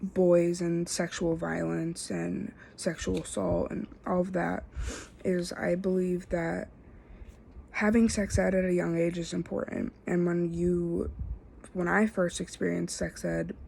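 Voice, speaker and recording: Young female student, low and gravelly, stumbling through an informal self-assessment with light hiss behind. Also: little pitch movement, dark tone. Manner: halting, filler-heavy, self-correcting. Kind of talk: casual spoken self-assessment.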